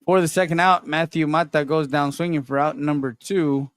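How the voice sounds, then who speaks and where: Guy doing play-by-play, a bit higher voice, dry close sound, chatty. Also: fairly even intonation, moderate pace, a bit bright, smooth, dry recording. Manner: chatty, reads sponsor plugs. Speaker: baseball commentator. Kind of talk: casual play-by-play commentary.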